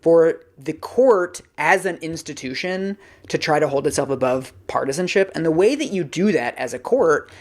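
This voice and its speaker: A man's voice: a little high, normal speed, few pauses. A man co-hosting a podcast, explaining a history topic in detail in a casual, conversational way. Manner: explains at length in animated detail, laughing at the absurd parts.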